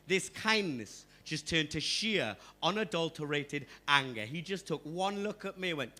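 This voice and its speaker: A man's voice: a little high, expressive, moderate pace, hardly any pauses, pushed and bright. A male stand-up comedian, doing a brash, sweary live set and talking straight to the crowd on a club stage. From Newcastle upon Tyne, England.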